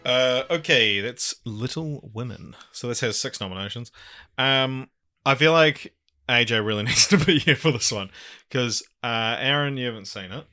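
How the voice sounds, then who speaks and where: A man's voice: medium pitch, moderate pace, sharp tone, dry recording, studio quality, soft background music. A man with a New Zealand accent hosting a podcast in casual chat, rambling with lots of fillers and frequent swearing. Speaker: podcast host.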